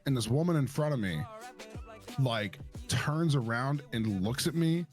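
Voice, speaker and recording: A young man chats on a stream, telling a story in a mid-pitched voice. He rambles, repeats himself, and swears without a second thought. Soft music plays in the background. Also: expressive, a little slow. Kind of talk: casual storytelling chat.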